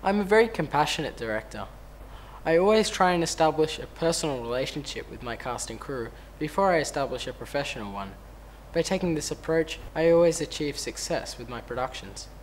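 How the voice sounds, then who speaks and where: A man's voice: on the high side, expressive, fairly quick, a little hiss or hum, lightly acted, rough recording. A man playing a self-important theatre director in a mockumentary, talking in a pompous, self-congratulating way. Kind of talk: mockumentary interview.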